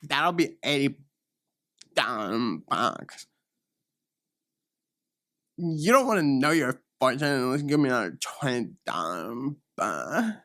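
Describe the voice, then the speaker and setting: A man's voice: mid-range voice, very animated, slow, long pauses, sharp tone, no echo, studio quality, exaggerated voice. A man voicing a bratty, bored teenage girl who tells fortunes, whiny and dismissive. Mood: sneering.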